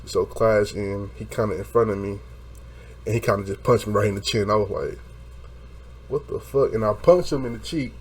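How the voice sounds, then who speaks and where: A young man casually telling a story, animated and profane, acting out quotes and laughing along the way. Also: on the low side, a little fast.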